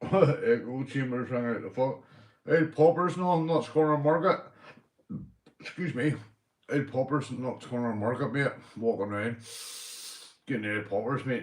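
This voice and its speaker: A man with a Northern Irish accent talks at a moderate pace in a mid-range voice while hosting a rambling livestream chat. He's tipsy from beer, loud, laughing and swearing a lot, and the space is echoey.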